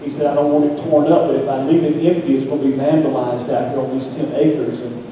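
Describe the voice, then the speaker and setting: Folksy Southern preacher in an echoey hall. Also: male voice, mid-range voice, steady tone, quick pace, highs cut off, noisy background. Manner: folksy, rising to shouted emphasis. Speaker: pastor. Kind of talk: storytelling sermon. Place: large church sanctuary. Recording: echoey hall recorded from far off.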